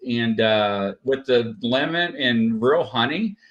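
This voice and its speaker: A man's voice: medium pitch, lively intonation, slow pace, fairly bright tone, highs cut off. A man hosting a casual live stream, chatty and full of "uh" fillers, greeting viewers by name. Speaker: host.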